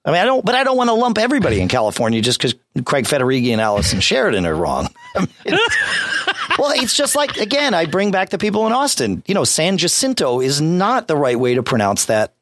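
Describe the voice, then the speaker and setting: Very animated, insistent male co-host. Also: on the high side, a little fast, dry recording, clean studio sound. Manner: explains insistently, repeats points, stammers. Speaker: podcast co-host. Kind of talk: casual chat.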